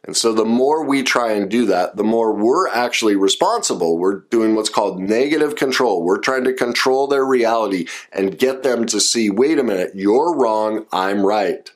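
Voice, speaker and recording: A man's voice: mid-range voice, normal speed, few pauses. A man giving advice to listeners as a coach, talking emphatically and acting out short example quotes. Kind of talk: direct-address advice talk.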